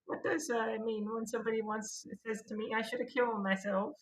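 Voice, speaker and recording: A man putting on a strained high voice as a dopey, eager Luigi in a parody bit. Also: flat delivery, fairly quick, slight background noise, natural voice. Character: high nasal cartoon brother, eager and dopey. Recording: dull lo-fi recording.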